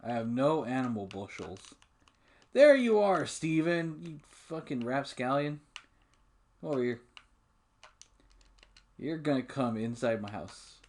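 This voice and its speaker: Male let's-play host, mid-pitched, relaxed rambling commentary with frequent swearing. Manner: relaxed, rambling, swears often, laughs at himself. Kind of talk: casual gameplay commentary.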